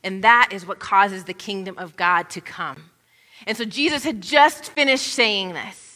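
Bright-voiced woman pastor preaching. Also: medium pitch, unhurried. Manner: chatty, informal asides with "like" and "you know". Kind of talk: conversational sermon. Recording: long reverb of a large hall.

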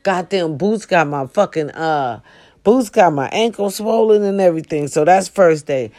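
A woman in pain, sitting on her bed and spinning a profane, animated story for her viewers. She talks to them directly, swearing freely and keeping the telling lively. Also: lowish voice, normal speed. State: sore, in pain. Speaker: vlogger. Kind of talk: casual storytelling vlog.

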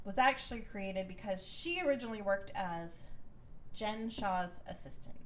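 A woman co-hosting a podcast, casually recapping a reality show and telling the story with lively, acted-out quotes. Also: medium pitch, moderate pace, slight background noise, rough recording. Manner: animated storytelling, acts out quotes in raised voices. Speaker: podcast co-host.

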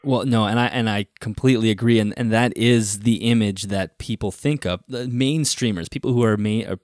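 A man's voice: fairly low pitch, fairly quick, darkish tone, no room sound, studio quality. A man hosting a podcast, talking in an earnest, thinking-aloud way. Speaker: podcast host. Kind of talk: casual podcast conversation.

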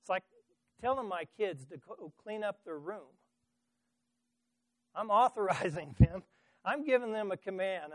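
A man's voice: high-pitched, dry recording. A middle-aged male preacher giving a sermon, telling stories emphatically with some stumbling restarts.

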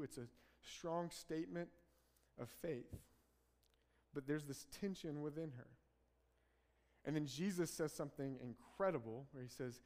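A man preaching a sermon in a relaxed, conversational way, retelling scripture in everyday speech. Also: on the high side, moderate pace, in a large hall. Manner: conversational preaching, paraphrasing scripture in casual voices. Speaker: pastor.

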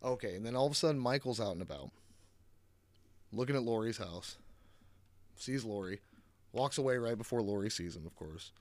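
A man's voice: fairly low pitch, lively intonation, fairly quick, pauses often, no echo. Rambling, profane man recapping a movie. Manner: rambling, profane, sarcastic, many fillers. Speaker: movie reviewer.

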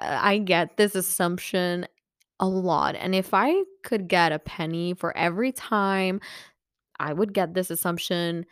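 A woman's voice: mid-range voice, clear, resonant tone, no room sound, studio quality. A woman in her twenties hosting a podcast in casual, candid chat. She has an American-leaning English accent and laughs often between thoughts. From Nordic Europe. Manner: candid, chatty, laughs often, many fillers. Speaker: podcast host.

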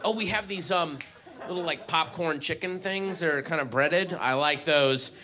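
A man voicing a perky fast food counter worker with a sing-song customer-service manner, in a comedy bit. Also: fairly high pitch, sharp tone. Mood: chirpy.

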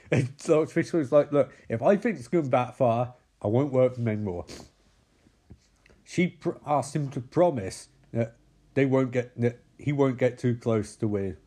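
A man casually recapping a show, rambling and profane, slipping into quick character voices. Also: mid-range voice, warm tone.

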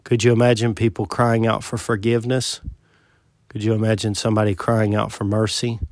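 A man preaching a sermon in an earnest voice, asking rhetorical questions and swelling louder before dropping low. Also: little pitch movement, a little fast, no echo, clean studio sound.

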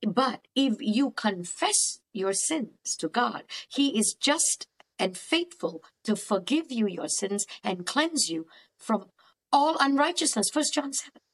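High-voiced, animated woman therapist. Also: husky, rough recording. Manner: animated, acts out dialogues with God; quick, emphatic, repeats phrases for stress. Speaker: cognitive therapist guest. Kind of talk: faith-based counseling talk.

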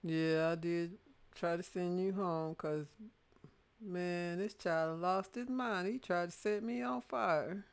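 A woman's voice: fairly low pitch, slow, clean tone. A middle-aged woman, chatting and teasing her son about his childhood, laughing easily. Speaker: guest, mother of host. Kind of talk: casual chat.

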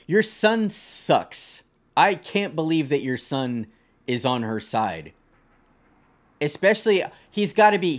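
Lively young man reading posts aloud. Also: mid-range voice. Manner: animated, swears freely, laughs and jokes about the posts. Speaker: podcast co-host. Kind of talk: casual podcast reading and reacting to online posts.

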